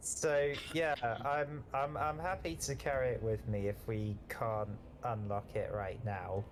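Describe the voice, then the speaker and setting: A man's voice: medium pitch, flat delivery, measured pace. Friendly guy playing d&d, kinda hesitant, restarts a lot, bit of hiss in the background. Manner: hesitant restarts, good-humored, laughs easily. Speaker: player. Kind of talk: casual tabletop game chat.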